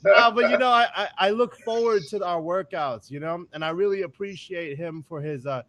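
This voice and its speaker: A man talking as a guest in a casual conversation, animated and repeating words with many fillers. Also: high voice, moderate pace, a crowd in the background.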